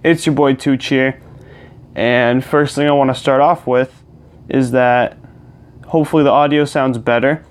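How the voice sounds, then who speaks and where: A man's voice: mid-range voice, darkish tone, clear, resonant tone. A young man chatting casually as a gaming vlogger, rambling with many fillers and restarts, recorded on a clip-on lapel mic plugged into his phone. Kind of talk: casual chat to camera while gaming.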